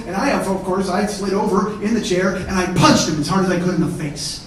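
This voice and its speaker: A man doing stand-up comedy, telling a profane story and shouting out the heated parts. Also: high-pitched, expressive, fast, noisy background. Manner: profane, escalates to shouting in acted-out arguments. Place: theatre stage before a live audience. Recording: echoey theatre, mic at a distance.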